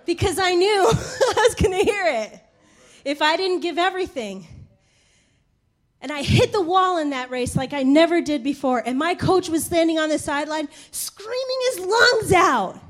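A woman with a very high, bright voice delivers a sermon through a personal story. She laughs easily and slips into the voices of the people she describes. Her delivery is lively and conversational. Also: normal speed. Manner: animated, laughing, acts out the people in her stories. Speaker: preacher.

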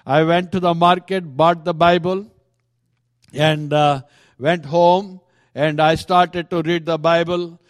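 An earnest Indian man gives his testimony in a sermon, speaking in a high voice. He talks slowly and in halting bursts, often restarting mid-sentence. The sound is dry and close. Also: fairly even intonation, no room sound. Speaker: preacher.

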